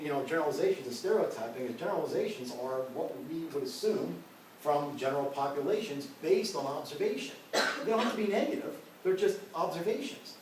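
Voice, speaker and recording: Speaking casually to his ethics class, this male instructor shares personal stories and leans heavily on "you know" and "right?". His pitch is on the high side. The lecture room recording comes from a distant mic, leaving his voice far away in heavy echo with a faint hiss.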